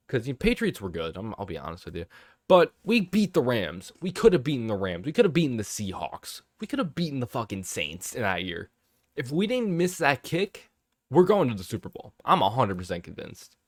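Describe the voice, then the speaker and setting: Exasperated, profane man ranting solo to camera; very animated pitch, dry recording. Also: no room sound. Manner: exasperated, profane, rambling with restarts. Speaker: sports fan vlogger. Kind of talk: casual ranting monologue to camera.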